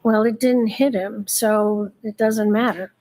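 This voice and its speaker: A woman's voice: mid-range voice, fairly even intonation, a little slow, a little mellow, rough recording. A woman giving expert medical testimony in court, answering in a level, matter-of-fact way.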